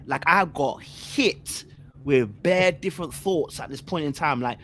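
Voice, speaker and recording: A young man telling a story on a podcast panel. He talks in animated bursts of slang and keeps repeating himself. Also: fairly high pitch, unhurried, a little hiss or hum. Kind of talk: casual storytelling.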